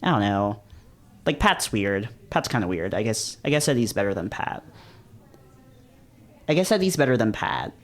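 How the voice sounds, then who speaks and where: A man reading a visual novel aloud in the first person, breaking off into casual, swearing, laughing commentary. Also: on the low side. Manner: casual, swears and laughs, quick animated reactions.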